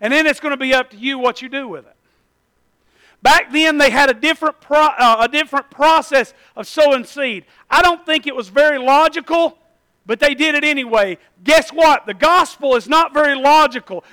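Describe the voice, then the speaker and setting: A middle-aged man from Tennessee, preaching a sermon as pastor, building from quiet talk to loud, emphatic calls. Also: very high-pitched, moderate pace.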